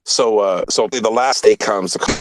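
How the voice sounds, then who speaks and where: A man's voice: lowish voice, normal speed, noisy background. A man hosting a casual talk show, telling a rambling story full of swearing and emphatic asides. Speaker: podcast host.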